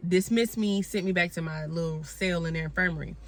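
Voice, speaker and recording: Candid young woman with a low voice. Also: steady tone, fast, few pauses, fairly bright tone, dry recording. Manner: candid, conversational, addresses viewers as y'all. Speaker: vlogger. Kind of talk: personal storytime.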